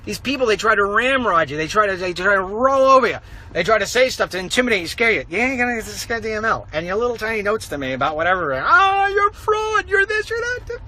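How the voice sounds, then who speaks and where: A man's voice: high-pitched, lively intonation, quick pace, sharp tone, rough recording. A middle-aged man giving a rambling, emphatic walk-and-talk monologue outdoors as an online commentator. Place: outdoors, walking.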